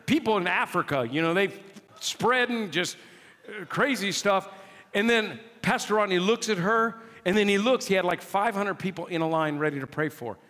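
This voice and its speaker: A man preaching a sermon as a pastor, telling a story in an animated, exclaiming, dramatic way. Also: sits high, moderate pace. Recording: long hall reverb.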